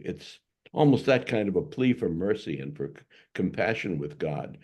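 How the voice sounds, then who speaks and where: A man taking part in a study group, paraphrasing passages with lively emphasis. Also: sits low, moderate pace, husky. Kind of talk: casual discussion.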